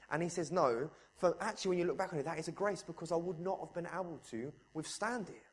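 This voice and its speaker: A man preaching a sermon, fervent, swinging between soft, low passages and loud, high ones, and asking the congregation questions directly. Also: a little fast, breathy edge.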